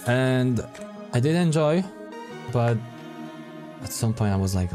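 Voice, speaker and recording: A man commenting on a video game as he plays and reads its text aloud, in a relaxed, thinking-aloud way. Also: medium pitch, slow pace, long pauses, music in the background. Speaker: gaming streamer. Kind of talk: casual let's-play commentary and reading game text.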